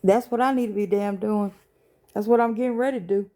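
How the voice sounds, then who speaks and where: A woman's voice: mid-range voice, steady tone, brisk, mellow. A woman hosting a casual live stream from home at night, sleepy and yawning, greeting viewers in a laid-back, profane way. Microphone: phone.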